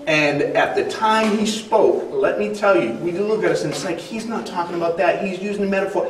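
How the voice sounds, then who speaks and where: A man pastor preaches in a loose, conversational way, full of ums and asides. His voice sits a bit high for a man. He is heard from a distance in an echoey church hall with faint room noise. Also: a little fast, hardly any pauses. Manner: casual, conversational preaching with frequent fillers. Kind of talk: sermon.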